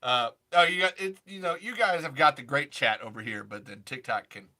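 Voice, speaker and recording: A man's voice: mid-range voice, a little fast, pushed and bright. A man hosting a casual livestream chat. He is giggly and rambling and often breaks off mid-sentence. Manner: giggly, rambling, self-interrupting. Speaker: host.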